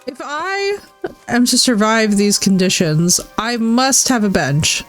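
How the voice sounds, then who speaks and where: A woman's voice: fairly high pitch, animated, slow, soft background music. A woman streamer chatting casually with her viewers while playing a game, laughing and swearing as she goes. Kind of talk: casual live-stream chat over gameplay.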